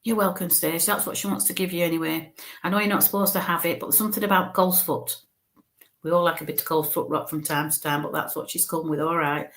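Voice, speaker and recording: A woman's voice: lowish voice, steady tone, fast, a bit bright. A woman working as a spirit medium, giving a live reading to viewers in a chatty, reassuring way. She thinks aloud as she relays what she senses, with many "okays" and "bless yous". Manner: chatty and reassuring, full of "okay" and "bless you".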